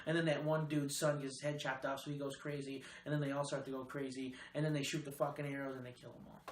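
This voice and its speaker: A man's voice: mid-range voice, flat delivery, fast talker. A young man hosting a casual chat, rambling through movie plots, swearing a lot and hedging with "like". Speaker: host. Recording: roomy echo, faint noise.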